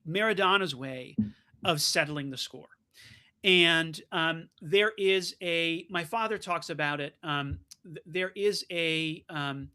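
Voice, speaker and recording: Excitable high bright-voiced male co-host. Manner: excitable storyteller, many fillers and restarts. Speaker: debate show co-host. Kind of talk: animated debate banter.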